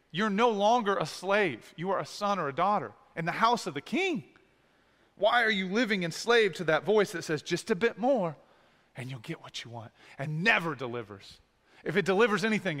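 High-voiced earnest male preacher. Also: pushed and bright, in a large hall. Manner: earnest, pleading, with rhetorical questions. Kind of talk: sermon.

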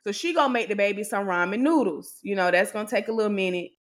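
A woman co-hosting a podcast, telling an animated, exasperated story and acting out what others said. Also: medium pitch, quick pace. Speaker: podcast co-host. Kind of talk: casual storytelling to a co-host.

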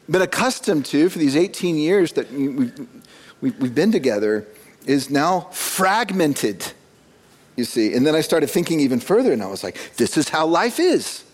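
Higher-voiced man preaching a chatty sermon. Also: darkish tone. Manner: storytelling, self-deprecating with frequent chuckles; repeats words when starting phrases. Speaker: pastor. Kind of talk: conversational sermon. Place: church sanctuary.

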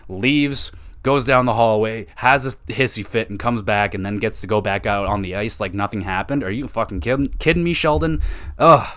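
A man's voice: fairly low pitch, a bit bright. A young man hosting a hockey podcast, ranting in a frustrated, profane and mocking way. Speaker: podcast host.

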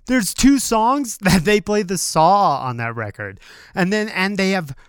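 Enthusiastic man, smooth dry voice. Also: high-pitched, expressive, unhurried, no room sound. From Colorado. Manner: enthusiastic, joking, self-deprecating. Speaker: podcast co-host. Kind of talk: casual chat about music.

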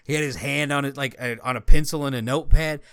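A man in casual conversation, retelling something with lots of swearing and rising energy. His voice sits at an ordinary middle pitch. The sound is dry and close, with no room echo. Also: quick pace, clear, resonant tone. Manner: profane, animated storytelling. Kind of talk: casual chat.

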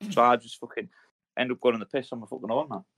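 Fast-talking sweary man. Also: mid-range voice, fairly even intonation, a bit bright. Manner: sweary storytelling, acts out quotes. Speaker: podcast co-host, ex-soldier. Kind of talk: casual chat.

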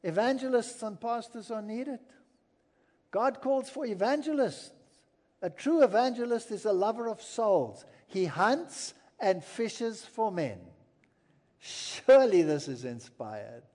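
Preacher, male, high tenor, slow deliberate delivery, live in a hall with long reverb. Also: darkish tone. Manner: earnest, emphatic, storytelling. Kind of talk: sermon. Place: large hall with an audience.

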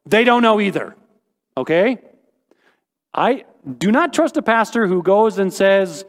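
A man preaching a sermon as a pastor, animated and joking, with sudden high exclamations. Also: normal speed, big-room sound.

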